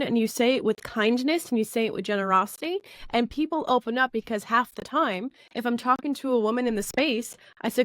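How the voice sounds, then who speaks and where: A woman speaking as a networking coach in an interview, blunt and lively, acting out quoted conversations in sudden higher voices. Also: fairly quick, few pauses, no room sound. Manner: blunt, with occasional swearing. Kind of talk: candid interview talk.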